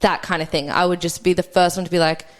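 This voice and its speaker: A young woman speaks in a fairly low voice, talking quickly and conversationally as a podcast guest. She tells her own story candidly and often acts out past dialogue. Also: flat delivery.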